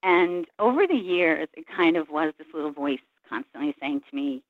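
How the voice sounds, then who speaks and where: A woman's voice: low-pitched, expressive, normal speed, hardly any pauses, no room sound. A woman, a Reiki practitioner, earnestly recounting personal experiences as a guest and voicing the people in her story. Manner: earnest, reflective, retells scenes by voicing others' words. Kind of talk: personal storytelling in a call-in interview. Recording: tinny phone line.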